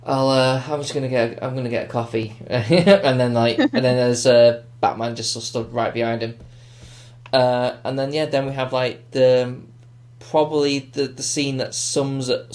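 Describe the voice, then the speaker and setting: A man's voice: medium pitch, a little mellow. Guy rambling thru a movie review on a podcast, lots of fillers, just chatting. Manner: rambling, filler-heavy, keeps restarting. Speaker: podcast co-host. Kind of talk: casual film review chat.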